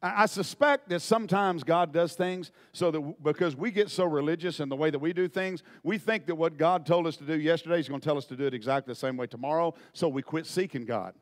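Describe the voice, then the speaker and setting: A man preaching a folksy storytelling sermon, dropping to quiet asides and then bursting into loud shouts. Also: a little high, quick pace, hardly any pauses, long reverb tail.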